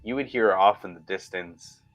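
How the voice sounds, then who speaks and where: Deep-voiced man narrating as game master. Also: moderate pace, poor audio. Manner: steady descriptive narration.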